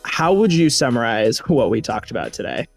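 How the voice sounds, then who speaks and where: A male podcast host in casual conversation, relaxed and a little hesitant as he searches for words. His voice sits at an ordinary middle pitch, with faint music in the background. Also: moderate pace, vocal fry. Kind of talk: casual interview chat.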